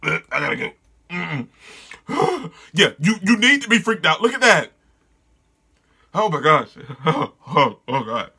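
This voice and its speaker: Excitable man reacting loudly. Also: on the high side, normal speed, creaky, slightly rough. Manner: excitable, exclaiming and yelling in disgust. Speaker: manga reader and reviewer. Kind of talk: reading a comic aloud with live reactions.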